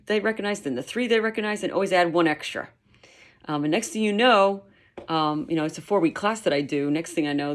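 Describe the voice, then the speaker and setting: A woman dog trainer explaining her methods in a lively, emphatic way, sometimes acting out quotes. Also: sits low. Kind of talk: instructional talk.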